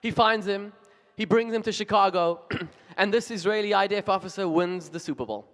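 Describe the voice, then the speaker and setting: A rabbi from Zimbabwe giving a storytelling sermon, telling jokes animatedly and with emphasis, in a large music hall. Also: male voice, sits high, a little fast, fairly bright tone.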